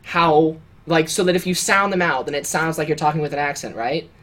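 A man's voice: a little high, a little fast, a bit bright. A young man co-hosting a podcast, telling a story in a loose, rambling way with many fillers and restarts. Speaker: podcast co-host. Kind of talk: casual chat.

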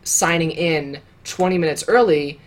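A man's voice: fairly high pitch, measured pace. Young man, podcast co-host, rambling, restarts a lot, casual. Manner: rambling, lots of fillers and restarts. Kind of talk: casual chat.

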